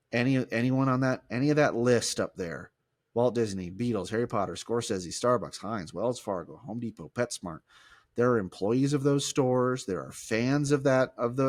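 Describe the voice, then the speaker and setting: A man, a former pastor, talking in a casual podcast conversation, animated and quick to restart his sentences. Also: mid-range voice, dry recording, studio quality. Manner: animated, restarts often, mimics people in quotes.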